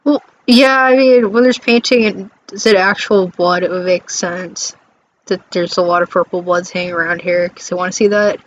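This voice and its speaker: A woman's voice: fairly low pitch, steady tone, moderate pace, lo-fi sound. Let's play co-host, woman, casual rambling chat. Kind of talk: casual chat over a game.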